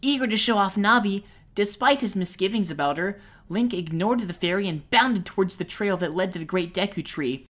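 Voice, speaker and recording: A woman narrating a fan-made storybook audiobook with even storytelling. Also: mid-range voice, moderate pace, hardly any pauses.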